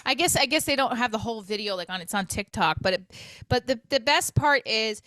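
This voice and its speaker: A woman comedian hosting her own podcast, talking candidly and rambling about dating and self-worth, with self-mocking jokes and loud comic rants. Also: a little high, animated, fairly quick, dry recording. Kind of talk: candid personal podcast monologue.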